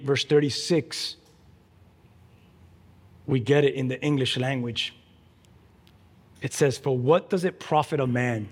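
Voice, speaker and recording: A man's voice: mid-range voice, husky, big-room sound. A man preaching a sermon as pastor, urging the congregation directly and with emphasis.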